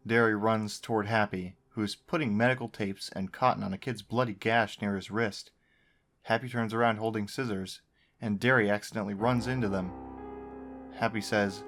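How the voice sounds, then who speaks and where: A man's voice: fairly low pitch, moderate pace, fairly bright tone. A man narrating a horror story, with dry, sarcastic asides. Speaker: creepypasta narrator. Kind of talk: story reading with commentary. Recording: guitar music under the voice.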